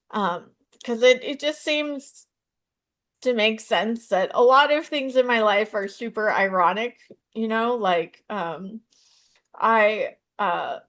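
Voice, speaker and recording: A woman in her thirties, a stand-up comedian and psychotherapist, answering interview questions with animated storytelling. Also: medium pitch. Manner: animated storytelling, acts out voices in her jokes.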